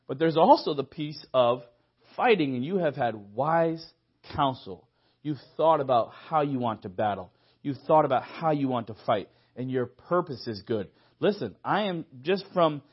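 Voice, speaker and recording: A young man preaching a sermon, telling stories with lively acted-out dialogue and frequent laughter. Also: mid-range voice, husky, muffled recording. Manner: lively storytelling, acts out dialogue, laughs often. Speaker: pastor. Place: church hall.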